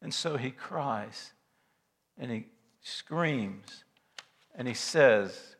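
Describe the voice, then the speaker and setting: A man preaching a sermon in a church, earnest and emphatic, repeating phrases and dropping from loud to hushed. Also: mid-range voice, animated, extremely slow, pauses often. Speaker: pastor.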